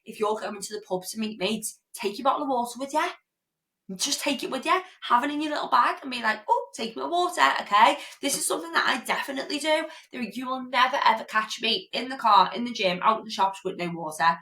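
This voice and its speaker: A woman's voice: fairly high pitch, quick pace, pushed and bright. Chatty, blunt British woman coaching. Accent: British English. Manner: chatty and blunt, swears casually, keeps asking "okay?". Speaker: podcast host, fitness coach. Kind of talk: casual podcast monologue.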